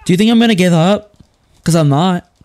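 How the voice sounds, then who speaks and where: A man giving comedic let's-play commentary, playful and over the top, yelling at game characters. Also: high-pitched, brisk. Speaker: gaming YouTuber.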